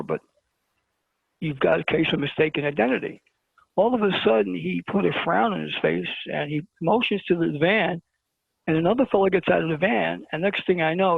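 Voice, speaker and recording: A middle-aged Brooklyn man, appearing as a show guest, tells a story dramatically and acts out the quoted exchanges. His voice is slightly high, breathy, and marked by vocal fry. The recording is dry and comes through a tinny phone line.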